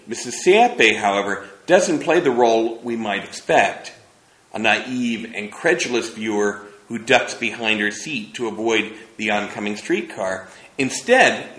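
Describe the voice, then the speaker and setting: A man's voice: medium pitch, a bit bright, reverberant, rough recording. A man giving an academic lecture about slides, thoughtful and hesitant, with many fillers.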